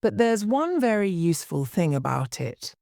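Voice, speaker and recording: A woman voicing a fussy, scatterbrained old queen who talks in a high, fluttery way and breaks into wailing cries. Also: very animated, normal speed, vocal fry, warm tone, no echo, clean studio sound.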